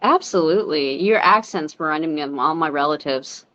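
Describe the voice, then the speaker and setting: A woman's voice: low-pitched, normal speed, fairly bright tone, lo-fi sound. A woman with a Philadelphia accent hosting a casual interview, chatty and laughing often as she tells stories. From Philadelphia area, USA. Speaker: host.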